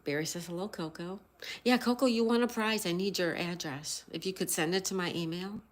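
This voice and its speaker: A woman with a lowish voice who talks fairly quickly. Hosting a casual livestream, she greets viewers by name, reads chat messages aloud, and spells out crossword answers letter by letter.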